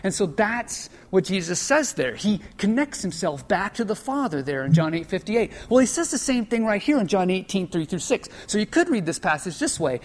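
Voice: mid-range voice, big pitch swings, normal speed, hardly any pauses. A Bible study teacher explaining a passage in an informal, conversational way, thinking aloud with asides. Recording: long reverb of a large hall.

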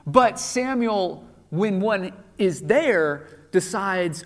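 Casting: lively male preacher, sermon style, long hall echo. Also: sits high, takes it slowly. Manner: animated storytelling with acted quotes.

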